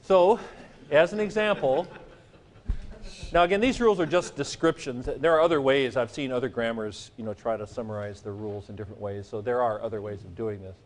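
A man's voice: mid-range voice, fairly quick. A man lecturing a class on grammar, joking and playful, now and then singing vowel sounds to make a rule stick. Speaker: Greek teacher.

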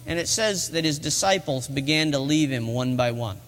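High-voiced middle-aged man preaching in a reverberant hall. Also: animated, moderate pace, a bit bright. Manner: earnest storytelling, rising to emphatic peaks. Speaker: pastor. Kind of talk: sermon. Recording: long reverb of a large hall.

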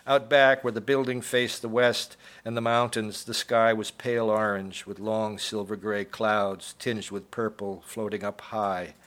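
A man reading his own short story aloud at a live reading, in a measured, expressive way. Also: lowish voice.

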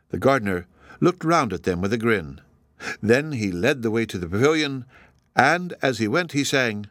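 A man reading a storybook aloud as narrator in an expressive, measured way. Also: on the low side, no echo, clean studio sound.

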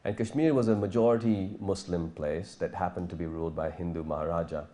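A man's voice: deep voice, fast, dark tone. A man from Pakistan, an author giving a talk to an audience and taking questions, who explains thoughtfully at length with many restarts.

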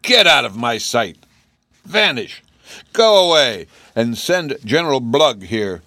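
A man reading an audiobook voices a furious, bellowing male gnome king who shouts his commands. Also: fairly low pitch, lively intonation, normal speed, dry recording, clean studio sound, close to an everyday voice. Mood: roaring.

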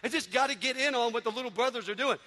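A man telling a comic family story to a live audience, animated and quick, acting out voices. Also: very high-pitched. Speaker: youth speaker. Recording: long reverb of a large hall.

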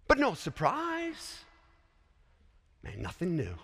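A man's voice: high-pitched, wildly swooping pitch, measured pace, fairly bright tone, slightly rough. A man from Colorado preaching a sermon in a chapel, conversational and full of joking asides. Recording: echoey hall.

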